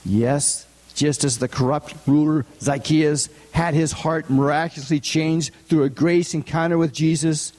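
A man's voice: a little high, fairly even intonation, measured pace, hardly any pauses, a little mellow. A man giving a conversational sermon, often asking his listeners rhetorical questions. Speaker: preacher. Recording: long hall reverb.

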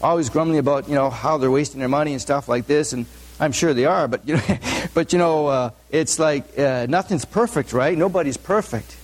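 A man's voice: fairly high pitch, a little fast. A male pastor giving a conversational sermon, often asking the audience questions. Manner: asks the audience frequent questions; informal, with many fillers and restarts.

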